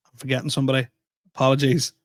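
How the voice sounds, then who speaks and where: A man's voice: mid-range voice, completely flat delivery, rapid-fire, dry recording. A man co-hosting a comedy podcast, telling self-deprecating stories with frequent laughter. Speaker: podcast co-host and stand-up comedian. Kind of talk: casual chat.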